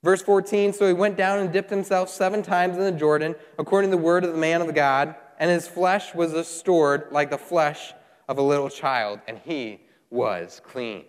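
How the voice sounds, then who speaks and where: A man preaching a sermon, reading scripture and retelling it with animated asides and voices for the characters. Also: on the high side, normal speed. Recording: long hall reverb.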